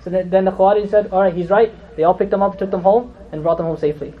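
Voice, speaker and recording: A man giving a storytelling sermon as a religious lecturer. He is animated, acts out the quotes, and keeps asking "you know?" and "right?". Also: sits high, racing. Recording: dull lo-fi recording.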